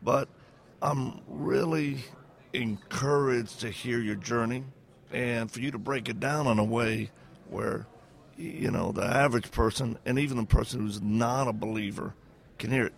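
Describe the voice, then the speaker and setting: A man hosting an interview, chatty and conversational, with quick asides. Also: medium pitch, vocal fry. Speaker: host. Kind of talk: casual interview talk.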